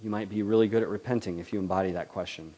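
A man's voice: lowish voice, steady tone, very fast, mellow. A man preaching a sermon in a conversational, questioning way, often acting out the voices he quotes.

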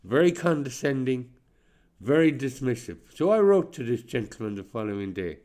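A man's voice: mid-range voice, lively intonation, normal speed, warm tone. A man with a slight chesty cough, speaking on a podcast in an aggrieved, insistent way. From Ireland. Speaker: podcast guest. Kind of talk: monologue on a podcast.

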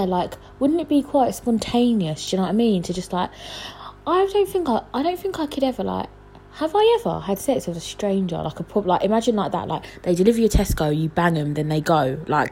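A young woman, hosting a casual solo podcast from home at night, rambling and chatty with lots of fillers and laughs, talking quietly. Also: fairly low pitch, breathy edge, rough recording. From London. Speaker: podcast host.

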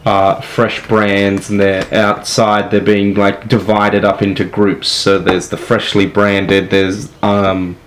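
A game master narrating a tabletop role-playing game, speaking haltingly with many fillers. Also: low-pitched, little pitch movement. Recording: echoey room with clear background noise.

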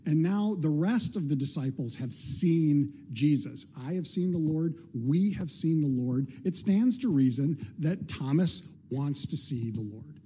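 A man's voice: medium pitch, dark tone, slightly rough. Casual, conversational male pastor. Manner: conversational, playful, acts out quotes. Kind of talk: sermon.

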